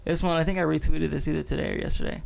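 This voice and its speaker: Brief: young man, slightly high voice, relaxed and profane, easy laughs, casual podcast co-host. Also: racing, gravelly. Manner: laid-back, profane, laughs easily.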